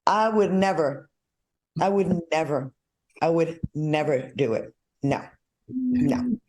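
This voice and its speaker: A woman's voice: deep voice, expressive, takes it slowly, a little mellow. A woman hosting a talk show, bantering in a sassy, blunt and playful way with her co-hosts.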